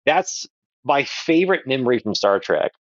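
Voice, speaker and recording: A man guest on a podcast telling a playful anecdote in a casual, animated way. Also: medium pitch, moderate pace, no room sound, lo-fi sound. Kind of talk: casual storytelling.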